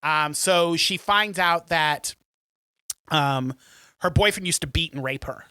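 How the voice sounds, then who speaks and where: A man with a bright, forward tone co-hosts a podcast, retelling a film's plot in a loose, rambling way. He fills his talk with ums and restarts and slips into short acted-out quotes. The sound is close and dry. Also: a little high, takes it slowly, clear, resonant tone, no room sound. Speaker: podcast co-host. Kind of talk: casual chat, retelling a film plot.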